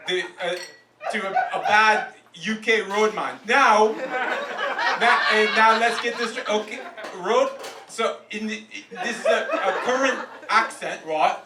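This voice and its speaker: A man doing Shakespeare as a loud London roadman. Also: sits high. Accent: London roadman slang (put on). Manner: loud, swaggering, rambling asides. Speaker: roast comedian. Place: comedy club stage. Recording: echoey club from a distance, noisy.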